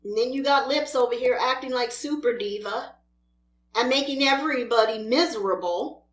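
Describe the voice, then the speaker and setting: A woman's voice: a little high, normal speed, reverberant. A woman mukbang vlogger ranting in an exasperated, scolding way at other creators while she eats. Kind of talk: ranting vlog while eating.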